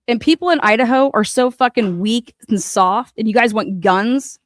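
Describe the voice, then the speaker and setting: A woman with a fairly high voice delivers a furious rant, swearing hard and mocking her targets. Her sound is close and dry, with no room around it, and she talks like a true crime commentator venting to her audience. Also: dry recording. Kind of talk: angry profane rant.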